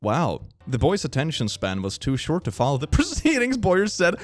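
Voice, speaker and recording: Sarcastic man with a lively voice. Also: a little high, no echo. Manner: sarcastic, quick to laugh, punning. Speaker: reaction commentator. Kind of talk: casual reaction commentary.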